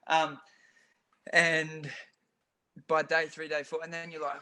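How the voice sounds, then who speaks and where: A man's voice: on the high side, slow pace, clean tone. A young Australian man, a Muay Thai fighter, telling stories in a casual podcast interview with lots of fillers. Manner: animated storytelling with frequent fillers.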